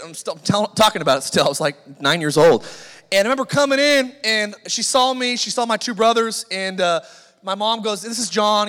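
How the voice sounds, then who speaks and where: Pastor, male, 40s, very high voice, playful storyteller, recorded with long hall reverb in a big church. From Southern California. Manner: animated, jokey, acts out quoted voices. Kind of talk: sermon with humorous storytelling.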